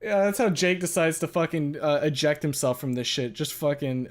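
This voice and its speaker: A man hosting a casual chat, joking and swearing freely in an animated way. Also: fairly high pitch, normal speed, a little hiss or hum. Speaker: host.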